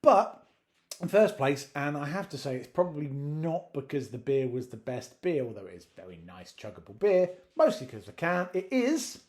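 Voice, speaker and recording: A man's voice: on the high side, big pitch swings, moderate pace, darkish tone. A man co-hosting a casual chat, rambling and correcting himself as he jokes along. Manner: rambling, self-correcting, jokey. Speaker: co-host.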